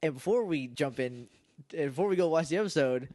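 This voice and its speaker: A man's voice: fairly high pitch, expressive, brisk, a little mellow, no room sound, studio quality. A man co-hosting a casual podcast, a little nasal and stuffed up, rambling and laughing often. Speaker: podcast co-host. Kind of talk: casual chat.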